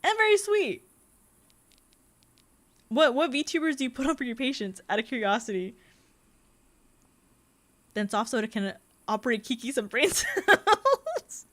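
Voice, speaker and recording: Playing a game on stream, this young adult VTuber talks at a moderate pace with a fairly high, fairly bright voice, big pitch swings, and frequent pauses. She chats casually and often laughs while reading her chat.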